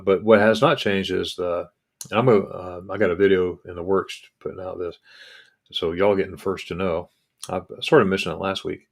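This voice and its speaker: A man hosting a casual live-stream chat, rambling and restarting his sentences, with sudden animated jumps when surprised. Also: sits low, normal speed, vocal fry. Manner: rambling, repeats words and restarts. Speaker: vlog host.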